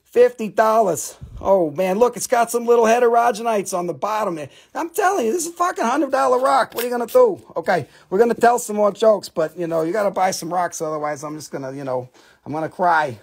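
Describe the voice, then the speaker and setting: A man's voice: high-pitched, lively intonation, fairly quick, vocal fry, breathy edge. A man selling minerals on a live stream, rambling, profane and self-mocking. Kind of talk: joking live sales banter.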